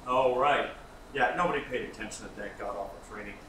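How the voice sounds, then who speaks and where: A man's voice: medium pitch, brisk, lightly acted. A man playing a sarcastic, campy shop worker on a smoke break, in a staged reading of a TV script. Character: sardonic man who smokes on his break. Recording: very echoey room, mic far, noisy.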